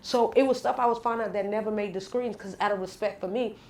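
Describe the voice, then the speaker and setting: A woman's voice: mid-range voice, steady tone, quick pace, darkish tone, reverberant, slight background noise. A woman guest in a candid radio interview, telling a personal story bluntly and with slang.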